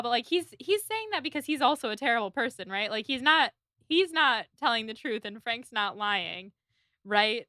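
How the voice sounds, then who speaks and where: A woman co-hosts a podcast, casually recapping a novel in a chatty book discussion, laughing often and saying "like" a lot. Her voice is high-pitched, expressive and bright with a forceful tone, at a moderate pace, recorded with studio quality and no echo.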